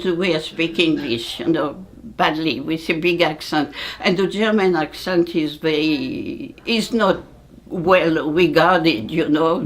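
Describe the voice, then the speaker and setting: A woman's voice: low voice, slight background noise. An older woman telling a personal memory in an interview, hesitant and searching for words, speaking English as a with as her tongue.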